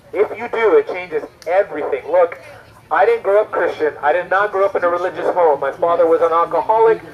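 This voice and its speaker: High-voiced man preaching emphatically. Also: highs cut off, slight background noise. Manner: emphatic, full of rhetorical questions. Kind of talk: evangelistic preaching.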